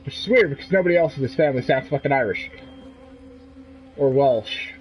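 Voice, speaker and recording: A man's voice: mid-range voice, animated, brisk, slight background noise. Man, game streamer, sarcastic, swears a lot, dull lo-fi audio. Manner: profane, sarcastic. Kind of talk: sarcastic gameplay commentary.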